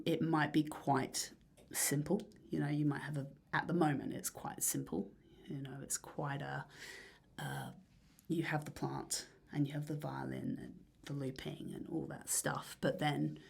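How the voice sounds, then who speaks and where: A woman musician talking casually in an interview, rambling and dreamy with many fillers and soft breathy asides. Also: low voice. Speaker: musician guest.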